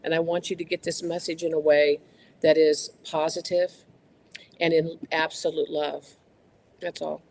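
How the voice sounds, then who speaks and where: A co-presenter speaking haltingly and from the heart, near tears. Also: medium pitch, little pitch movement, gravelly, darkish tone, a little hiss or hum. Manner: halting and heartfelt, many ums and restarts.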